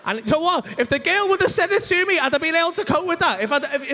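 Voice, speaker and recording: A brash comedian talks at a fairly high pitch, swearing freely and animated. He works a comedy club stage through a handheld mic. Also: rapid-fire, hardly any pauses, big-room sound. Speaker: stand-up comedian. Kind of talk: stand-up comedy.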